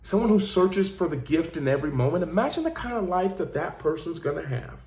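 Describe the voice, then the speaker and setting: A man's voice: a little high, sing-song, brisk, darkish tone. A man, a life coach and host, giving an earnest motivational talk with emphatic, repeated phrases. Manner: earnest, emphatic storytelling with repetition. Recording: roomy echo.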